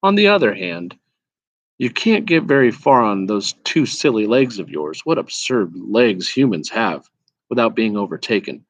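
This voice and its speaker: A man voicing a proud male talking war horse who lectures in a brisk, faintly scornful way, in a storybook read-aloud. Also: lowish voice, sing-song, dry recording. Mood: lecturing.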